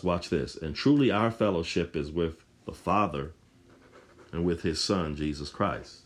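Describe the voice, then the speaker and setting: A man's voice: low voice, unhurried. A man preaching a sermon, emphatic and repetitive, often restarting his phrases.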